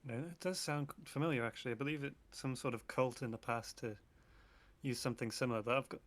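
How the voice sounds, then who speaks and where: A man's voice: medium pitch, fairly even intonation, fast talker. A man playing a tabletop game, easygoing and thinking aloud. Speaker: player. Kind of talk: casual tabletop play.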